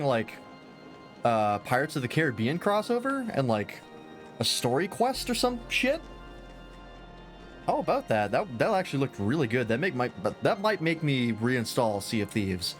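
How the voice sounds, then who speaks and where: Casual, profane young male streamer. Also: mid-range voice. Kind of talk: casual gameplay commentary.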